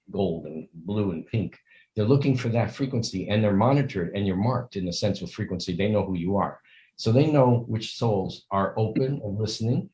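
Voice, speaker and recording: A man's voice: on the low side, warm tone, rough recording. An older man speaking as an interview guest, talking earnestly in long, rambling stretches and acting out the greetings he quotes. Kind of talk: conversational interview.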